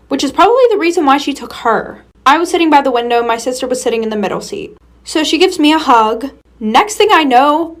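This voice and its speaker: Young woman spilling a storytime, kinda high voice, blunt, swears a lot, talks right to viewers. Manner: blunt, swears freely, chatty asides to viewers. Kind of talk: casual storytime.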